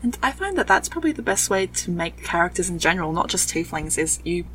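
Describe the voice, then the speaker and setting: A woman with a soft Australian accent that leans English, chatting at length as a podcast guest. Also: fairly low pitch, sing-song, fast talker, slight background noise, poor audio. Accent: soft Australian, leaning English. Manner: chatty, explains at length with fillers. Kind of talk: casual podcast chat.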